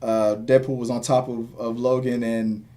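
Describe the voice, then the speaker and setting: Rambling excitable man chatting films. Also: mid-range voice, normal speed. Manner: rambling and excitable, many restarts. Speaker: podcast co-host. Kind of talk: casual movie chat.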